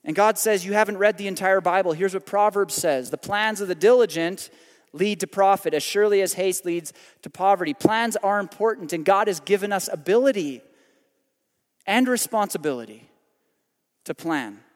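Man, pastor, sermon, high voice, conversational asides, long hall reverb. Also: normal speed. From Canada. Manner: conversational, with frequent asides and rhetorical questions.

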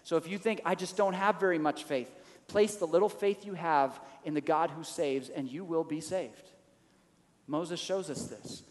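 Male pastor, higher register, animated sermon delivery in a reverberant hall. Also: moderate pace. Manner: animated preaching, acts out quoted lines with rising pitch.

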